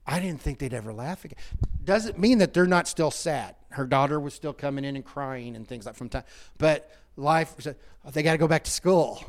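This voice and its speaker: A man's voice: on the high side, expressive, normal speed. A man who is a pastor, talking in a casual teaching way, emphatic and heated at times, with frequent restarts.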